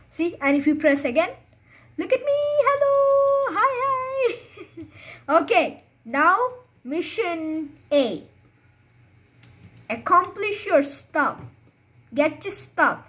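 A woman giving live, chatty gameplay commentary, excitable and full of fillers. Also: high voice. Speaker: gamer.

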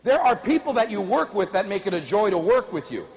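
A middle-aged man giving an animated keynote speech to a live audience, drawing call-and-response from the crowd. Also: high-pitched, a little fast. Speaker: motivational speaker. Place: large conference hall. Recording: echoey hall, faint ambience.

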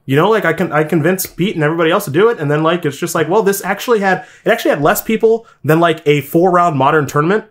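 A man's voice: fairly high pitch, quick pace, hardly any pauses. A man hosting a podcast in casual chat, candid and a bit profane, rambling with restarts. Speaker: podcast host.

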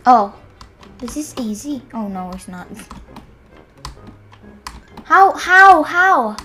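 High bright-voiced young woman gaming. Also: very slow, faint music behind. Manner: frustrated, excitable, swings between loud outbursts and muttering. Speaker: gamer. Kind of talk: casual gameplay commentary.

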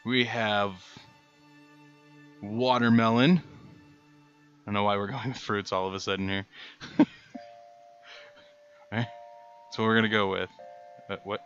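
A man talking casually over his gameplay, rambling and poking fun at himself. His voice sits a little low with a bright, forward tone. Game music plays faintly behind him. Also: level tone, unhurried, long pauses, dull audio. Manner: rambling, self-mocking. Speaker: gaming channel host.

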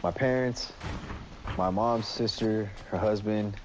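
A man's voice: fairly low pitch, slow pace, background noise. A young man chatting casually while gaming, telling stories with lots of swearing. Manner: swears a lot, storytelling.

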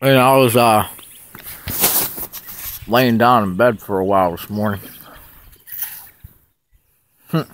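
A man's voice: fairly low pitch, takes it slowly, pauses often, a bit bright, slight background noise. A man telling a dream in a rambling, profane casual monologue, laughing often.

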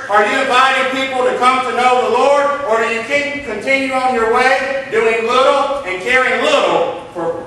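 A man preaching a sermon as pastor, asking the congregation rhetorical questions and letting his voice sink low and quiet at the ends of lines. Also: heavy reverb, recorded from a distance, slight background noise, rough recording. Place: church sanctuary.

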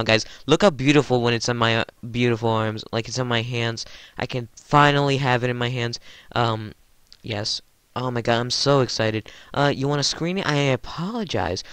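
Man, gaming host, excitable and stumbling over words, smooth voice. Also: mid-range voice, dry recording. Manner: giddy, stammering, keeps addressing viewers as guys. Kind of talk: excited gameplay commentary.

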